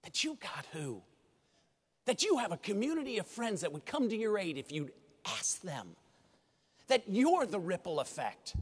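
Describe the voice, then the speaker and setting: A man giving a motivational keynote speech at a conference, an animated storyteller who addresses the audience directly. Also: sits high, moderate pace, husky. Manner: animated storyteller, acts out dialogue. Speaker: keynote speaker. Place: large conference hall. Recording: reverberant hall.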